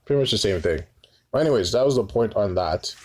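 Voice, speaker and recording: Man teaching scripture, low voice. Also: expressive, quick pace, darkish tone. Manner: repeats "right?" as a tag, frequent restarts. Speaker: Bible teacher.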